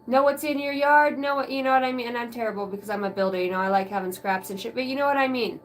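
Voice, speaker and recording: A woman with a fairly high voice, rambling and swearing freely as she hosts a casual livestream and greets viewers by name. She sits a little away from the mic, and a faint hiss runs under her talk. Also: fast talker, recorded from a distance, rough recording. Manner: rambling, profane, chats with viewers. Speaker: oracle card reader and livestream host.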